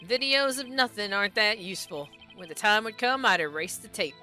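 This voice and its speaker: A woman voicing a drawling cowboy-style male police officer with a slow, theatrical Southern drawl. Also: mid-range voice, sharp tone, soft background music, natural voice.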